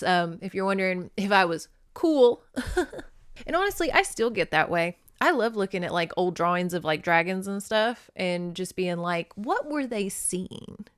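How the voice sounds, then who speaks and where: A woman's voice: on the low side, clear, resonant tone, dry recording, clean studio sound. A young woman hosting a casual podcast where she recaps an old novel, chatty and giggly, swearing freely. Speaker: podcast host.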